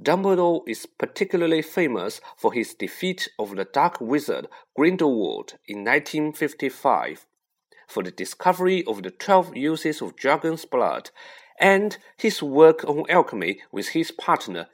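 A man's voice: fairly high pitch, big pitch swings, measured pace, voice pushed up. A man voicing a brave, earnest boy wizard who speaks urgently. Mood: excited.

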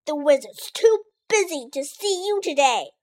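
A woman voicing a wicked witch in a storybook who yells in a shrill, shouting way. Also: big pitch swings, a little slow. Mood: angry.

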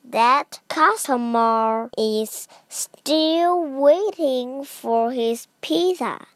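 A pizza shop owner's wife hurries her husband along in a children's storybook, read aloud by a woman. The voice is smooth and slightly high. The recording is dry and close. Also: very slow, dry recording. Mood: urgent. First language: Chinese.

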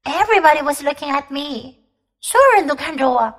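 A woman with a high, bright voice reads a children's story aloud and turns it into an English lesson. She speaks clearly and patiently, repeating each phrase for young learners. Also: expressive, fairly quick, low-quality recording. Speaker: English teacher. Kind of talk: bilingual storybook reading and lesson.

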